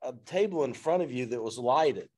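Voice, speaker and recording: A man, a fire service instructor telling a story in an interview in an animated, self-deprecating way. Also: medium pitch, normal speed.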